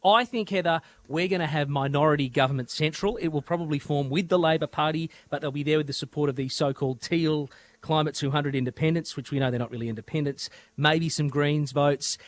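An Australian man talking politics on the radio, animated and quick to restart his sentences. His voice sits a little high for a man, and he is eager to explain. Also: dry recording. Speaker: radio presenter.

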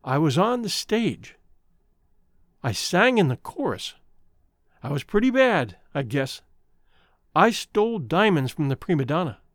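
Storybook reading: man playing a remorseful young woman, raised pitch, very lively delivery. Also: unhurried, long pauses, no echo, studio quality. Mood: earnest. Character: young woman, former chorus singer, remorseful.

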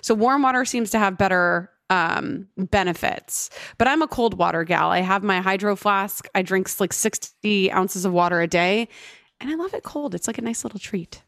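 Relaxed woman co-host, filler-heavy chat. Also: mid-range voice, moderate pace, no room sound, clean studio sound. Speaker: podcast co-host. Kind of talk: casual chat.

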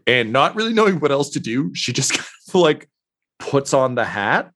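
A man's voice: mid-range voice, sing-song, moderate pace, a bit bright. A man narrating as game master of a tabletop game, rambling with many fillers.

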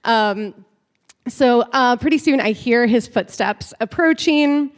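Giggly, high-voiced woman telling a frank story. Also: takes it slowly. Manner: giggly, frank, chatty with many fillers. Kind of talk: candid personal storytelling.

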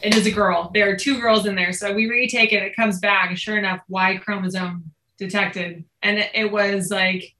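A woman's voice: medium pitch, normal speed, few pauses, echoey room, a little hiss or hum, low-quality recording. A woman telling a family story in a casual chat, acting out what people said. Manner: animated, quotes herself and others.

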